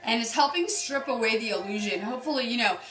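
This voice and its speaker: A woman streaming a casual spiritual card reading, chatty and upbeat as she greets viewers by name. Her voice is bright and a little high. The room is echoey, with faint music playing behind her. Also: animated, fast talker. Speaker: spiritual healer reading cards on a live stream.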